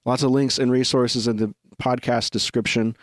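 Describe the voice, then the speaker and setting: A male podcast host closing out an episode, earnest and thankful, with a few halting fillers. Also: mid-range voice, flat delivery, no echo. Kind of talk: show wrap-up.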